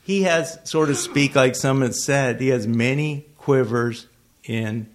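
Guy preaching a sermon to his church, chatty, asks the room questions, gets loud on key words, trips over himself sometimes. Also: medium pitch, slow. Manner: conversational preaching, asks the congregation questions, bursts of loud emphasis; restarts and self-corrections when tongue-tied. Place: church hall with a congregation.

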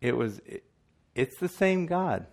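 A male preacher giving a casual, halting sermon that often pauses to apologise or find his place. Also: on the high side, very animated. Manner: conversational, halting, self-deprecating.

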